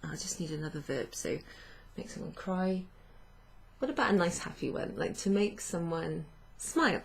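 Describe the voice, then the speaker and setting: A woman's voice: on the low side, lively intonation, moderate pace, gravelly, husky. A woman teaching a French lesson, explaining patiently with fillers and self-corrections. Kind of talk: online language lesson.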